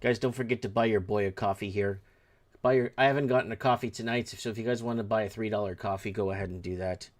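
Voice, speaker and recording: A man's voice: lowish voice, steady tone, fast talker. A middle-aged man hosting a livestream show, talking casually in a rambling, blunt way and swearing freely.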